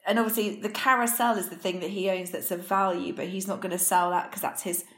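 A woman chats casually as a podcast co-host, walking through an episode from her notes with lots of ums and likes. Her voice sits at an ordinary pitch and carries a noticeable roomy echo. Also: steady tone, fast talker, fairly bright tone. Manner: chatty, recaps from her notes with filler words. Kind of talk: casual chat recapping a TV episode.

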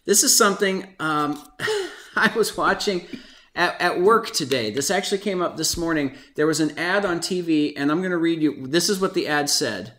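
A man's voice: on the high side, normal speed, fairly bright tone, reverberant. A man hosting a casual Bible study conversation, chatty and laughing often as he reads out passages. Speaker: host of a Bible study podcast.

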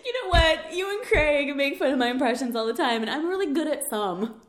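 Giggly woman host chatting in a coffee shop, high bouncy voice, echoey sound. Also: brisk, a little hiss or hum. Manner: giggly, animated, does impressions. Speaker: podcast host. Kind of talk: casual chat. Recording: echoey room.

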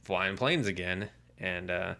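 Gravelly low-voiced man retelling a story. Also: slow. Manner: animated storytelling, acting out quoted lines. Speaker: podcast co-host. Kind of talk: casual comic book podcast chat.

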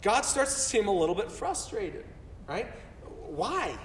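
High-voiced preacher in an echoey hall. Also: male voice, big pitch swings, a little slow, a little hiss or hum. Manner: earnest, repeats words when emphatic. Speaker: pastor. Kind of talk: sermon. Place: church sanctuary. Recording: roomy hall from far off.

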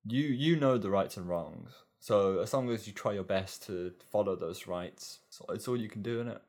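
A man's voice: fairly low pitch, normal speed, a little mellow. A man co-hosting a podcast, chatting casually and musing in a hesitant way that repeats words. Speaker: podcast co-host. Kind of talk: casual chat.

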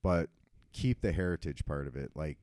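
A man chatting casually on a podcast, telling animated stories and shouting out quoted lines. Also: extremely low pitch, moderate pace, clean tone, no echo, studio quality. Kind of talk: casual chat.

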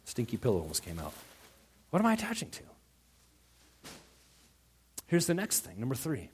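Animated male pastor preaching a sermon. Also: medium pitch, moderate pace, long pauses, slight background noise. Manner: animated, acts out quoted voices, frequent stammered restarts.

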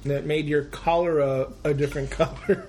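Woman podcast co-host, deep-set voice, wry deadpan jokes, soft background hum. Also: normal speed. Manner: wry, blunt, joking. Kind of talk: casual chat.

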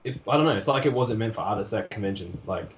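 A man's voice: on the low side, animated, fast talker. A man, an artist who sells at conventions, chatting casually on a podcast, swearing freely and acting out customers.

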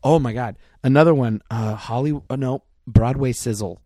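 A man's voice: medium pitch, normal speed, dark tone, no echo, studio quality. A man in casual chat, rambling enthusiastically and acting out his own thoughts as quotes.

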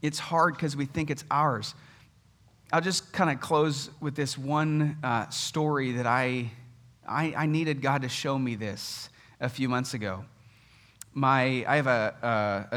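A man in his thirties, a pastor giving a sermon in an animated, conversational way, telling stories with humor. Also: medium pitch.

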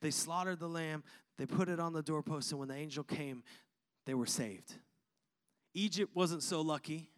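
A man's voice: a little high, normal speed. A man preaching a sermon to his congregation, using repetition and call-and-response. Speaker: pastor.

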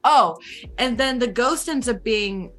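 A woman's voice: on the high side, expressive, measured pace, fairly bright tone, faint music behind. A woman hosting a casual chat, retelling a story in a rambling, playful way with lots of swearing.

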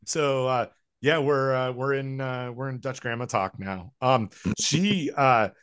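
A man from the American South co-hosting a casual podcast chat, rambling and self-deprecating, quick to laugh. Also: medium pitch, fairly bright tone, clean tone, dry recording, clean studio sound. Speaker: podcast co-host.

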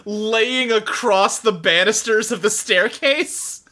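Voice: medium pitch, slow pace, bright, forceful tone. A podcast co-host chatting casually and laughing while adding to the recap. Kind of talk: casual chat.

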